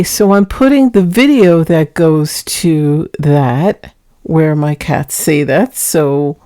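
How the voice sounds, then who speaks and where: A woman's voice: low voice, mellow, no room sound, studio quality. A woman hosting a paranormal vlog in a casual, earnest way, explaining each clip before she plays it. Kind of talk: casual vlog narration introducing clips.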